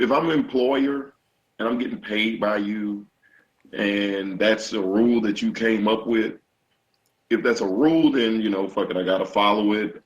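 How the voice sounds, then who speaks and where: A man's voice: on the low side, low-quality recording. A man chatting casually as a podcast guest, laid-back and blunt, with a shrugging, profane way of talking. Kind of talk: casual chat.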